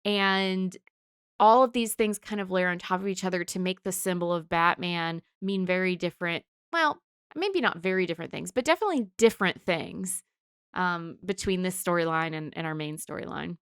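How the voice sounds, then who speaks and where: Analytical woman with a smooth voice. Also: on the low side, normal speed, no room sound, clean studio sound. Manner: thoughtful, analytical, with restarts. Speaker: podcast co-host. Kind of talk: casual discussion of comics and psychology.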